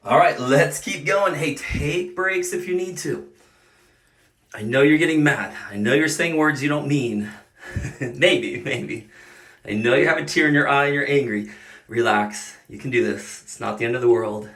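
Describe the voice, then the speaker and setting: This middle-aged man is filming a bathroom how-to for his home repair channel, a little breathless as he coaches and jokes with the viewer to keep them at ease. His medium-pitched voice moves at normal speed with a slightly bright quality, recorded from a distance off-mic in the echoing room.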